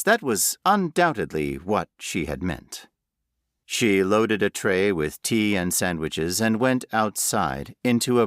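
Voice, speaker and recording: A man giving an unhurried, expressive scripted narration of a horror story. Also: deep voice, dry recording, studio quality. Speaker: audiobook narrator.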